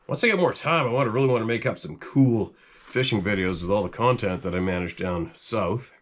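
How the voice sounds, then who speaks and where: Middle-aged guy from canada, kinda low voice, stuffed up with a cold, rambling and chuckling, talking to camera. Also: a little fast. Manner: rambling and animated, chuckles often, voice jumps up when quoting himself. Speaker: hunting channel host. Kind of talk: casual chat to camera.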